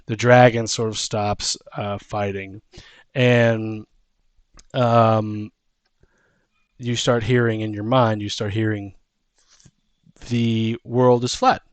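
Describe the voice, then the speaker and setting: A man's voice: fairly low pitch, level tone, slow pace, long pauses, no echo. A man running a tabletop game as game master, narrating with frequent ums and restarts.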